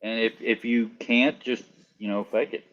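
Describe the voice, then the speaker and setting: A man's voice: fairly low pitch, fairly even intonation, moderate pace, a bit bright, muffled recording. A man chatting casually on a livestream call, telling stories and laughing often. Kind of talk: casual chat.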